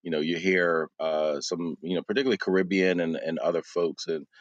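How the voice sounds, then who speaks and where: Animated man with a low, dry voice. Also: a little fast, no room sound, muffled recording. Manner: animated storyteller, many fillers. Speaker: podcast co-host. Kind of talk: casual chat.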